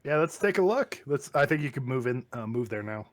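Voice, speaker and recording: Relaxed man chatting over a game. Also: mid-range voice, a little fast, dry recording. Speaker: gaming channel co-host. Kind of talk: casual game commentary.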